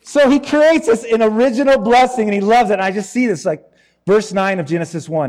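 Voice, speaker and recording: A man preaching a sermon in an animated, joking, conversational way. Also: sits high, fairly quick, long reverb tail.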